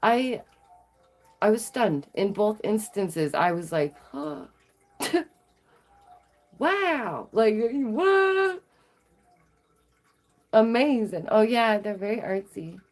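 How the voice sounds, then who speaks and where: A sassy woman vlogger talks straight to her viewers, animated and quick to laugh. Her voice sits at an ordinary middle pitch for a woman. She tells her stories with plenty of attitude. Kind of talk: casual storytelling to viewers.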